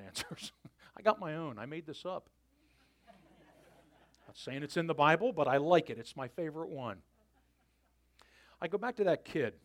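A male pastor preaching a sermon with animated storytelling, sometimes dropping to a near-whisper for emphasis. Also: fairly high pitch.

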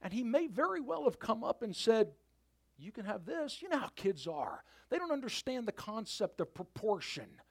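A pastor preaching to his church, his voice pitched high and swinging widely as he tells the story. He animates the telling and then drops to a hushed near-whisper to land his point. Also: big pitch swings, moderate pace, few pauses. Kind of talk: sermon.

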